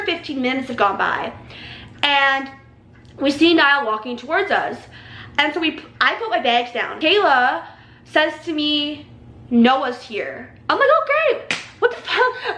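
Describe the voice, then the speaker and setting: A young woman vlogger telling a story in a casual, excitable way, full of "like" and swearing. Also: high-pitched, roomy sound. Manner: excitable, heavy use of "like", swears freely.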